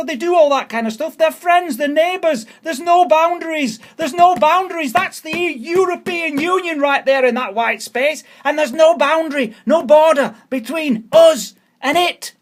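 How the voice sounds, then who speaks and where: A Scottish man giving an angry political rant, swearing often and repeating his phrases. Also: very high voice. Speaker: vlogger.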